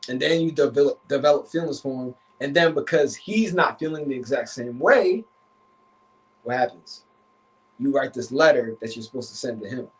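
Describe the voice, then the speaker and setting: A man, a relationship coach, telling a story on a live stream in a casual, animated, profane way. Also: mid-range voice, moderate pace, rough recording. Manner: animated, profane, acts out voices in his story.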